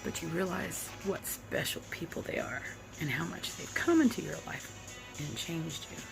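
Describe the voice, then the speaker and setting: Brief: woman in her forties, deep-ish gravelly voice, halting heartfelt storytelling. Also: music in the background, poor audio. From Oklahoma. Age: 40s. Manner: candid, reflective, halting with fillers. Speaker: vlogger. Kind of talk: personal storytelling.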